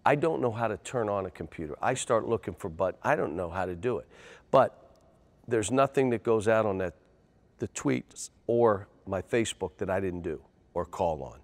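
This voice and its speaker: An older man, a basketball coach, telling animated stories in an interview and getting loud and excitable. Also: lowish voice, moderate pace. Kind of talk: interview storytelling.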